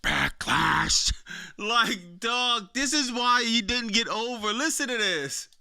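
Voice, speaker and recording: A man's voice: very high-pitched, lively intonation, slow pace, bright, forceful tone, clear, resonant tone. A man streaming casual reaction commentary, slangy and laughing often as he talks to his chat. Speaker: streamer reacting to wrestling clips.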